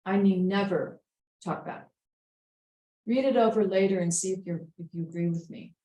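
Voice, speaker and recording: A woman's voice: mid-range voice, normal speed, mellow, roomy sound, rough recording. A woman teaching a writing class, patiently reading sentences aloud again and again to check the commas. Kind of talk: editing a student essay aloud in class.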